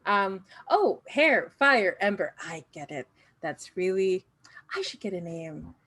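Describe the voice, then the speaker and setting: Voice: mid-range voice, expressive, takes it slowly, sharp tone, heavily acted. A woman voicing an upbeat, chatty clone officer who rambles in bubbly asides. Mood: chipper.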